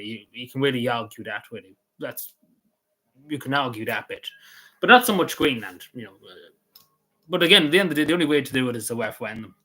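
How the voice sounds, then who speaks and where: A man's voice: medium pitch, sharp tone. A man with a Cavan Irish accent, chatting casually to his viewers on a livestream in a rambling way, with many restarts and fillers. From Ireland. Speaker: vlogger.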